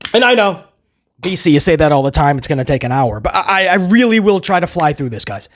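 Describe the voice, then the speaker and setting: A man's voice: a little high, very animated, brisk. A man hosting a casual wrestling review, talking sarcastically and rambling with stammered restarts. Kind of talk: casual video review rant.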